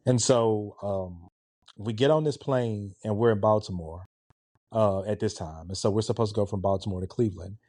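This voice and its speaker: A man in his forties casually telling a story in an animated, conversational way. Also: fairly low pitch, moderate pace, dry recording, clean studio sound. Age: 40s. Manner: animated, conversational, with a laid-back, relaxed tone.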